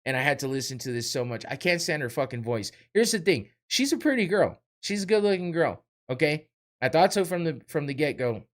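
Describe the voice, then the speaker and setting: A man's voice: a little high, big pitch swings, a little fast. A man hosting a podcast, ranting heatedly with blunt swearing and short laughs. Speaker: podcast host. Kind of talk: heated profane rant.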